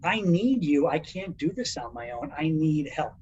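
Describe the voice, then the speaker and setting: A man co-hosting a podcast, telling a story in a casual, animated way. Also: on the high side, normal speed, dull audio, a little hiss or hum. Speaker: podcast co-host. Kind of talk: casual chat.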